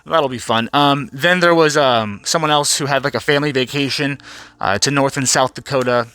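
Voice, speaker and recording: A man's voice: medium pitch, normal speed, bright, forceful tone, clear, resonant tone. A man recapping events in a casual, profane, rambling vlog rant, laughing often and mimicking people. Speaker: vlogger.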